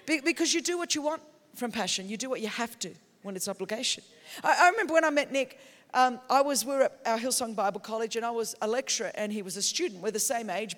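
An Australian woman preaching a sermon, telling stories with passion and breaking into shouts. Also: on the high side, fast. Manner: passionate, storytelling, bursts into shouts. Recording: long hall reverb in a big venue.

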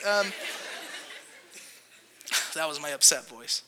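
Bright-voiced preacher man in a hall. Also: high voice, lively intonation, a little slow, pauses often, a little hiss or hum. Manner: casual, joking preacher who acts out quotes. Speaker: pastor. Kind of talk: sermon. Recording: long hall reverb.

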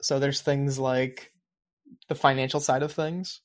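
A man's voice: mid-range voice, little pitch movement, measured pace. A man co-hosting a podcast in casual chat, rambling and reflective, with many fillers. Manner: reflective, explains his planning habits at length. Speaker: podcast co-host.

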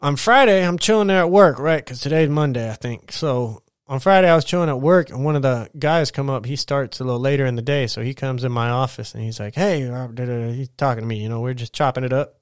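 Guy rambling through a work story on his podcast, lots of swearing, clean smooth voice, dead dry room. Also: medium pitch, quick pace, hardly any pauses, no room sound. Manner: rambling, profane, animated retelling. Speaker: podcast host. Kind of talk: casual storytelling monologue. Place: at home getting ready for bed.

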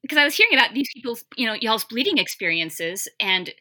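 Bright-voiced woman telling a story. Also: a little high, sing-song, fairly quick. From US South. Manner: candid, wry storyteller. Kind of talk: casual chat.

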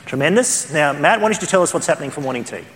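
A man with an Australian accent leading a church training session, talking in an animated, conversational way with sudden rises in pitch. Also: rapid-fire. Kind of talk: teaching session. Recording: reverberant hall.

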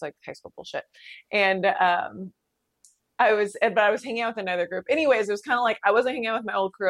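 Candid, animated woman with a dry sound. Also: fairly low pitch, dry recording. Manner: candid, animated storytelling with frequent laughs and swearing. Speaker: podcast host. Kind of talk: casual personal monologue.

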